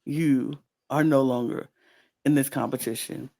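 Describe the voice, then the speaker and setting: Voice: mid-range voice, steady tone, measured pace, vocal fry, a little mellow. A podcast co-host chatting casually and animatedly, often laughing and acting out quotes. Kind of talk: casual chat.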